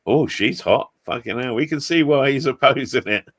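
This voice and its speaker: A man's voice: mid-range voice, normal speed. A man on a live stream panel, joking crudely and swearing in casual banter. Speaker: panel member.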